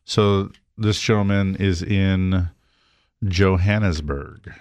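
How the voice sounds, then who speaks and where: Male host, low voice, rambling storyteller, dry close sound. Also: steady tone, slow, darkish tone, no echo. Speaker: podcast host, mortgage lender. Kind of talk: casual chat.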